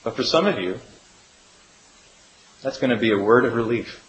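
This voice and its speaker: A man's voice: medium pitch, expressive, moderate pace. Earnest male pastor in an echoey hall. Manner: earnest, with dramatic drops to near-whisper and emphatic rises. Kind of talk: sermon. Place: church sanctuary. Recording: echoey room with faint hiss.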